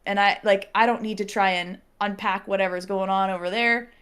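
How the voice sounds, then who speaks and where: A woman telling a personal story in casual podcast chat, animated, laughing often and acting out what people said. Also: medium pitch, fairly quick, clear, resonant tone.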